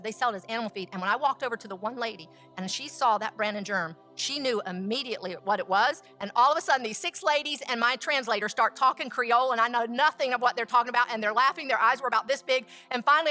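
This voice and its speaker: A woman, a food scientist and baker, telling a lively story and acting out the voices of the people in it. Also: sits high. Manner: lively, acts out quoted dialogue. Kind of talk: storytelling talk.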